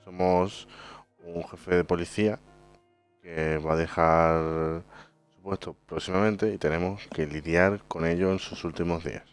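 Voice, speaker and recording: A man with a Spain Spanish accent hosting a gameplay video, talking in a relaxed, chatty way with hesitant fillers. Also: low voice, normal speed, clear, resonant tone, faint music behind. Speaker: gaming video host. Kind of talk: casual gameplay commentary.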